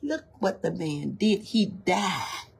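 A gravelly, husky woman's voice, fairly low and very animated, moves at a slow pace through an informal devotional livestream recorded indoors near a hallway. She preaches fervently, weaving spontaneous exhortations between readings from a text, repeating phrases for emphasis and pressing listeners to repeat her lines.

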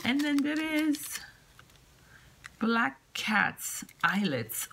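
Woman vlogger, slow and gushing, hushed half-whisper, with loud paper crinkling behind her. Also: mid-range voice, lively intonation, a little hiss or hum, poor audio. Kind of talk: craft mail unboxing. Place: home, indoors.

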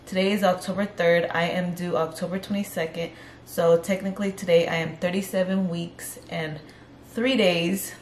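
A woman's voice: fairly low pitch, steady tone, moderate pace, darkish tone, echoey room, slight background noise. A young pregnant woman chatting casually on her vlog, out of breath and rambling as she corrects herself. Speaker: vlogger.

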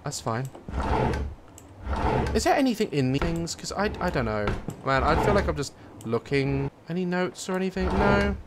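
A man's voice: fairly high pitch, expressive, normal speed, very noisy. A young man commentating a horror game, joking nervously and breaking into sudden screams. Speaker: gaming YouTuber.

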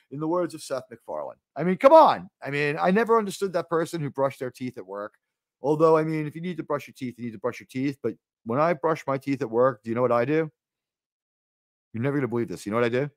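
A man hosting a casual live podcast, talking in an animated, exasperated way with frequent swearing. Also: fast, no room sound. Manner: animated, swears often, jumps to high exasperated pitch. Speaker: host.

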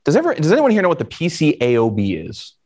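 Lively man giving a conference talk. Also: fairly high pitch, fast talker. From Florida. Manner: conversational, asks the audience questions. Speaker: conference speaker.

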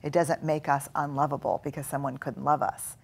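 A woman's voice: very deep voice, flat delivery, fairly quick, creaky, husky. A middle-aged woman, a guest author in a live studio talk, explaining her ideas earnestly and acting out inner voices.

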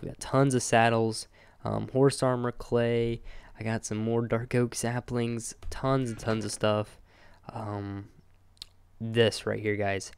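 Excitable young man rambling over gameplay. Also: mid-range voice, smooth. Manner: rambling and excitable, chatting to animals. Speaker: gaming channel host. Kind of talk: casual gameplay commentary. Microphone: close desk microphone.

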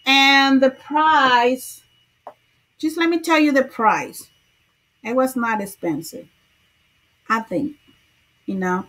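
Bright, high-voiced woman hosting a crochet livestream. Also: takes it slowly, long pauses. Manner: chatty, greets viewers by name, laughs often. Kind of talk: casual livestream chat.

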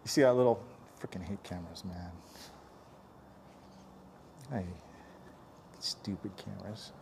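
A man's voice: sits low, a little slow, creaky, darkish tone, a little hiss or hum. Joking man talking while fixing a dent. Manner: joking, chatty, grumbles under his breath. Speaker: paintless dent repair technician. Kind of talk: casual running commentary while working.

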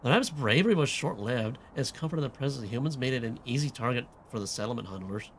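A man's voice: medium pitch, animated, fast, slight background noise, lightly acted. A man voicing a dreamy young woman diarist, drawling like a southern belle and saying "like, totally". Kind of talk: reading in-game notes aloud in a put-on voice.

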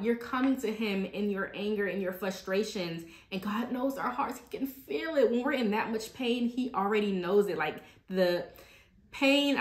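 A woman with a medium-pitched, fairly bright voice hosts a ministry talk in an echoey room. She gives an earnest personal faith testimony conversationally, addressing listeners as y'all.

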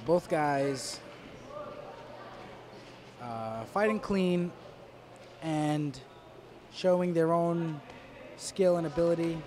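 A man's voice: fairly high pitch, very slow, pauses often, a little mellow. A man giving live boxing commentary in a dry, wry way, with many fillers and restarts.

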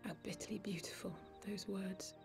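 Game character: actress playing a melancholy woman wanderer, quiet and reflective, with light music underneath. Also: medium pitch, steady tone, normal speed, creaky, close to an everyday voice. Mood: wistful. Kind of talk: voiced game dialogue.

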